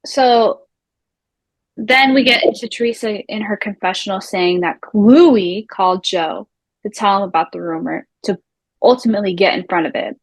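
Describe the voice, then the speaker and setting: A young woman co-hosting a casual TV recap, animated and swearing casually as she retells the drama. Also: mid-range voice, normal speed, dry recording, rough recording. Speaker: recap show co-host.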